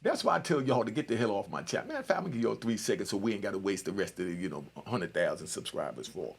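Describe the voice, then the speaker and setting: A man in his 60s hosts a commentary channel with loose, streetwise livestream storytelling, constantly asking "you know what I mean." His lowish voice is sing-song, creaky and slightly rough, and he talks rapid-fire.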